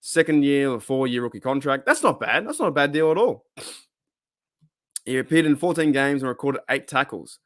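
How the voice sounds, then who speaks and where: A man with an Australian accent hosting a casual live stream, rambling and excitable as he reacts to chat. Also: mid-range voice, brisk, no echo, clean studio sound. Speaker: livestream host.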